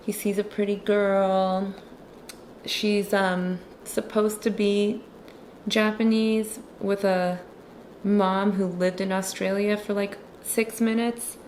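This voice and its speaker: This woman speaks slowly at a medium pitch, her tone level and darkish, with slight background noise behind her. Drawing as she goes, she chats casually and sarcastically about a movie, using "like" a lot; she's an illustrator and movie commentator.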